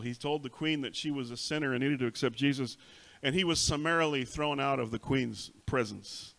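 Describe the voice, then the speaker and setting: A middle-aged pastor preaching a sermon in a church, switching languages and telling stories with animated acted-out voices. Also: medium pitch, brisk, vocal fry. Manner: animated storytelling, acts out voices. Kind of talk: bilingual sermon, self-translating. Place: church sanctuary.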